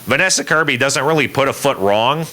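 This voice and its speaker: A man co-hosting a podcast, giving a measured, opinionated movie critique in casual chat. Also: mid-range voice, expressive, sharp tone, slight background noise. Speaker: podcast co-host.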